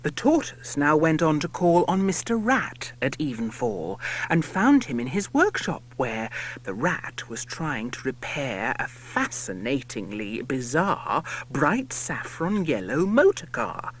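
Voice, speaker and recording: A man's voice: a little high, big pitch swings, a little slow. A man narrating a rhyming storybook audiobook in a playful, theatrical way, dropping to a whisper on some lines. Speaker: audiobook reader.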